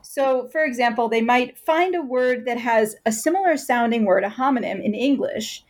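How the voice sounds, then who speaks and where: A woman's voice: on the high side, normal speed. Woman explaining in an interview. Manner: explanatory, lively when imitating chants. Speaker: guest expert. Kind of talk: interview answers.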